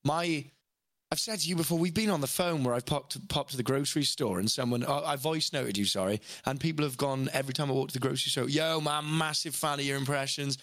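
A man's voice: medium pitch, quick pace, fairly bright tone, no echo, studio quality. A man guesting on a podcast, talking candidly in a rambling, self-questioning way with frequent restarts.

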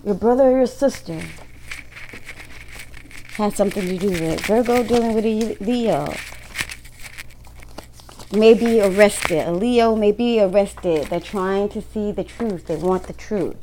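A woman reads tarot cards at an unhurried, slow pace. She talks bluntly and casually to her viewers and swears freely. A faint hiss sits under her voice. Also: medium pitch. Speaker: tarot reader. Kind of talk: casual tarot reading to camera.

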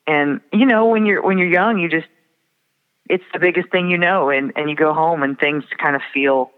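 A man from the Fargo area, a songwriter guest, talking reflectively with many pauses and fillers. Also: a little high, clear, resonant tone. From Fargo area, Minnesota. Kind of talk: casual interview. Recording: tinny phone line with long reverb.

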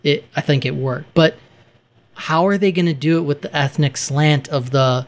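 A man's voice: fairly high pitch, normal speed. A man co-hosting a gaming podcast, chatting casually and laughing often. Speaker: podcast co-host.

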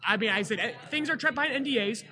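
A man's voice: very high-pitched, racing, a crowd in the background. A man co-hosting a podcast, talking in an enthusiastic, chatty way. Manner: enthusiastic, talkative. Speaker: podcast co-host. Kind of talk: casual chat.

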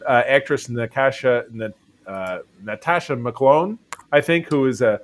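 A man's voice: medium pitch, a little slow, slight background noise. A man co-hosting a casual podcast chat, enthusiastic and rambling, often restarting his sentences. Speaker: podcast co-host.

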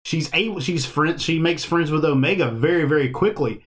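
A man's voice: on the high side, normal speed. A man hosting a casual podcast chat, talking in a loose, rambling way and laughing often. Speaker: podcast host.

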